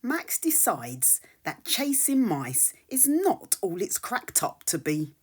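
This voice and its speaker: A woman reading a children's picture book aloud in a soft, whispery storytelling voice. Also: medium pitch, very animated, takes it slowly, husky. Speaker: storybook reader.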